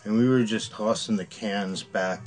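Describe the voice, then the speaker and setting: A man with a lowish voice tells road stories in a loose, rambling way. He swears freely and restarts his sentences often, and there is a chuckle never far from his words. This is casual documentary interview talk. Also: steady tone, normal speed. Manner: rambling, profane, laughs through anecdotes. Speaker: former band member interviewee.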